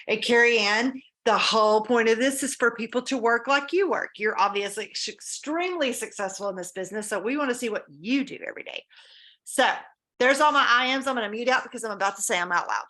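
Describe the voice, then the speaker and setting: A woman's voice: mid-range voice, pushed and bright. Woman host, upbeat and encouraging, casual video-call chat, mid-range voice.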